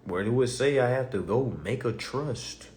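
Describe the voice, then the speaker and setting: A man's voice: mid-range voice, moderate pace, darkish tone, slight background noise. A man teaching an online class in a casual, streetwise way, firing off profane rhetorical questions and laughing between points.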